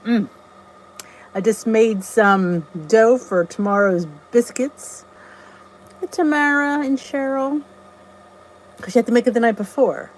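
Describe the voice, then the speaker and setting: A woman's voice: on the high side, unhurried, long pauses, slight background noise, poor audio. A middle-aged woman hosting a casual live stream, chatting and greeting viewers by name, often laughing at herself. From New Jersey. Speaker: channel host.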